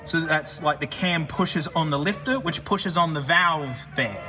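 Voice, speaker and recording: Australian male car vlogger, high and excitable, slangy and quick to laugh; reverberant garage sound. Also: music in the background. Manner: excitable, chatty, laughs often, lots of slang. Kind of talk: casual commentary over car work and testing.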